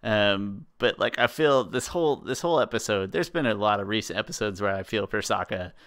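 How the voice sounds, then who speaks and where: A young man co-hosting a podcast, giving rambling, opinionated takes that often trail off quietly. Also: on the low side, animated, a little fast. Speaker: podcast co-host. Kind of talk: casual podcast chat.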